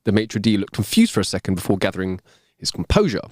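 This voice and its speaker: A man co-hosting a podcast, reading jokes aloud in an expressive, casual way. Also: fast, no room sound, clean studio sound. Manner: expressive reader, swings pitch widely. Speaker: podcast co-host. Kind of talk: casual joke-telling chat.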